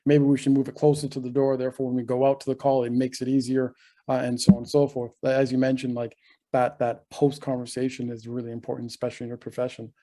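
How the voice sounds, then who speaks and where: Flat-voiced man hosting a podcast. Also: mid-range voice. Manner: measured, asks follow-up questions with fillers. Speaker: podcast host. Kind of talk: casual podcast interview.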